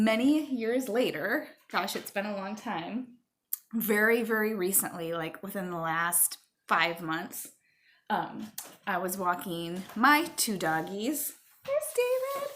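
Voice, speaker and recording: A middle-aged woman telling a rambling personal story at home to her viewers, with fillers and pauses. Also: medium pitch, fairly bright tone, a little hiss or hum. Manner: chatty, rambling with fillers, stops to talk to her child. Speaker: vlogger. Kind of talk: casual storytelling to camera.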